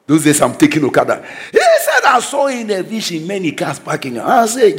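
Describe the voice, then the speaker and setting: High, lively preacher man. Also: brisk, hardly any pauses. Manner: exclaiming declarations, swinging between soft asides and shouts. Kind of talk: energetic sermon with storytelling.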